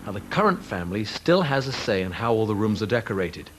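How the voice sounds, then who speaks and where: A man's voice: on the low side, big pitch swings, fairly quick, background noise. Enthusiastic man presenting a travel show. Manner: enthusiastic, chatty.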